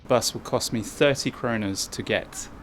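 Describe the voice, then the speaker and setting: A man's voice: mid-range voice, moderate pace, fairly bright tone, a little hiss or hum. An English man hosting a casual travel vlog outdoors. He talks to the viewers directly in a chatty, rambling way. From England. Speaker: travel vlogger. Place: outdoors in a town and on a bus.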